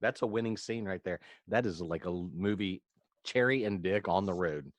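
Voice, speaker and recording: Man, low voice, dry close sound, rambling podcast co-host, laughs a lot. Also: moderate pace, dry recording. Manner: rambling, laughs often between remarks. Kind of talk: casual movie-review podcast chat. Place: his own room, recording remotely.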